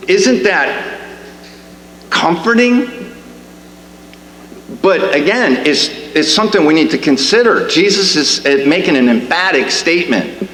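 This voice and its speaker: A man's voice: high-pitched, lively intonation, measured pace, a bit bright. A man preaching a sermon in a church, conversational and rising to emphatic questions, with frequent restarts. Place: church sanctuary. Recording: echoey hall with faint hum.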